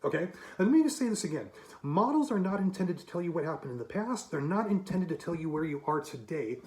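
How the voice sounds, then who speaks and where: A man's voice: on the high side, big pitch swings, a little fast, darkish tone, roomy sound. A man in his fifties giving an emphatic, argumentative monologue to camera with rhetorical asides. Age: 50s. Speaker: commentator.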